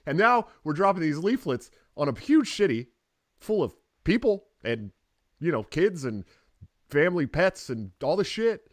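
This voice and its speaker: A man's voice: on the high side, very animated, measured pace, no echo. A man talking as a podcast guest, telling rambling, profane, laid-back stories. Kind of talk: casual chat.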